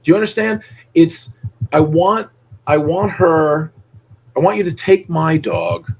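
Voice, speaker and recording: A man's voice: fairly high pitch, lively intonation, measured pace, creaky, breathy edge. A middle-aged man working as a dog trainer, coaching a student bluntly with salty language and acting out his dogs in voices. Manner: blunt, profane, acts out dogs and people in voices. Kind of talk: live coaching session.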